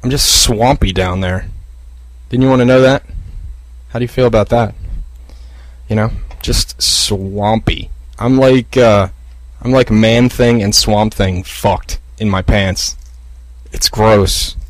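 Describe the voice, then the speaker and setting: A man with a lowish voice hosting his own podcast, talking in a loose, profane, rambling way. He trips over restarts and fillers. The sound is close and dry. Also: fairly even intonation, slow pace, pauses often, no echo, low-quality recording. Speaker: podcast host. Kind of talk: casual solo podcast rant. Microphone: podcast microphone.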